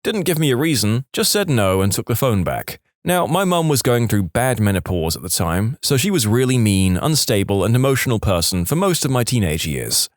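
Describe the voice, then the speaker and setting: A man reads online stories aloud with a playful, animated delivery. His pitch swings widely through each sentence, and the recording is close and dry with no room sound. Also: normal speed, few pauses, no echo. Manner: lively, playful storytelling with voiced quotes. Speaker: narrator.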